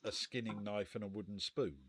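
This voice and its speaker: A man's voice: fairly low pitch, steady tone, fairly quick, noisy background. A man co-hosting a casual live gamebook play-through, reading passages aloud and weighing the choices with dry understatement.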